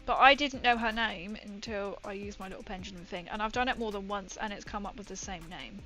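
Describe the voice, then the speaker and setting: While painting miniatures on a stream, a young woman rambles through a story with plenty of fillers in casual conversation. Her medium-pitched voice is bright and forceful and a little fast, captured in a low-quality recording with faint background music.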